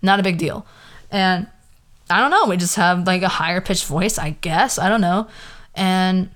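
Speaking at a normal speed, this woman has a lowish, slightly bright voice and a Valley girl accent. In her twenties and from the San Fernando Valley, California, she hosts a relaxed solo podcast, rambling with lots of "like" and a questioning lilt.

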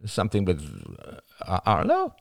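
A man's voice: on the low side, huge pitch swings, normal speed, no echo. A man reading an audiobook, voicing a wary middle-aged woman who asks dry, probing questions. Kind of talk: audiobook character voice.

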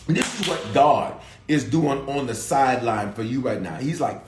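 A man's voice: a little high, lively intonation, moderate pace, vocal fry, reverberant. A middle-aged man preaching as a bishop in a sermon preview, calling out to viewers and urging them to answer in the comments.

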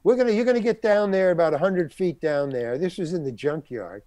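A man's voice: a little high, a little fast, no room sound. An older man, a character actor, telling a story from his career in a casual interview and acting out what others said. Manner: animated anecdote-telling, acting out quoted voices.

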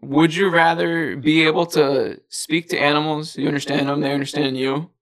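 A man's voice: fairly high pitch, steady tone, normal speed, a bit bright, poor audio. A young man co-hosting a casual podcast chat, laughing often and restarting his words. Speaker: podcast co-host.

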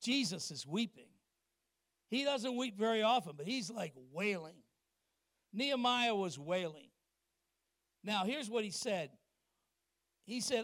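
Middle-aged male pastor preaching in church; high voice, swings from loud emphasis to hushed asides, quizzes the congregation. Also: expressive, normal speed, pauses often, dry recording, studio quality. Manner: asks the congregation questions and acts out little exchanges. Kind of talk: sermon.

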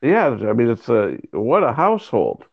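A man hosting a casual chat, teasing his guest with jokes. His voice is animated and gravelly, and the recording sounds dull and lo-fi. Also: mid-range voice, normal speed. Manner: teasing, joking interviewer. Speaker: host.

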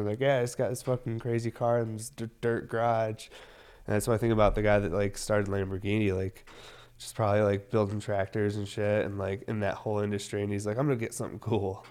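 Man, 30s, low voice; loose, filler-heavy, profane vlogger chat. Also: a little mellow, clean tone. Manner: loose, rambling, heavy on fillers, swears often. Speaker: cannabis vlogger. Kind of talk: casual rambling monologue.

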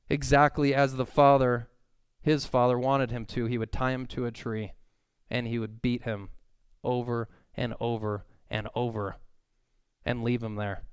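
A man in his thirties preaching a sermon in an earnest, conversational way, with sudden excited outbursts. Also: medium pitch, clear, resonant tone, no room sound, clean studio sound. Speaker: pastor.

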